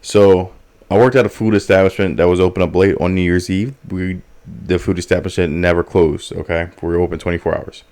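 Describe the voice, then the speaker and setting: A man hosting a podcast, telling a story in an animated, profane way with lots of fillers. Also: low voice, a little fast. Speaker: podcast host. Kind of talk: casual storytelling.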